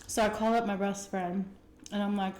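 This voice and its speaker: Animated woman telling a story, echoey room. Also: medium pitch, moderate pace. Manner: animated, conversational, acts out quotes, swears freely. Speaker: food vlogger telling a personal story. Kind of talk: casual story time while eating.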